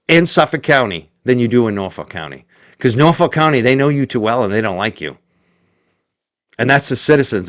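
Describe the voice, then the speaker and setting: A man's voice: mid-range voice, fairly bright tone, no room sound, clean studio sound. A man hosting a heated commentary stream, taunting and swearing and hammering rhetorical questions. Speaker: show host.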